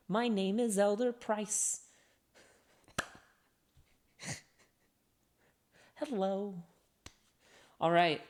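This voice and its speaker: A woman with a notably low voice teaches on a live stream, chatty and playful. She switches easily between jokes and step-by-step technical explanation. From part Colombian, part Italian heritage. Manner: chatty, playful, reads chat aloud. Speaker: instructor. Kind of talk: live-streamed hacking walkthrough.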